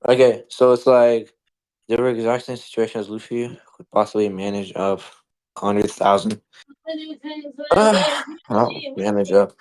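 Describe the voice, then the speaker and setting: A man's voice: fairly low pitch, unhurried, pauses often, a little mellow. A young man in a heated casual online debate, rambling with lots of fillers and swearing.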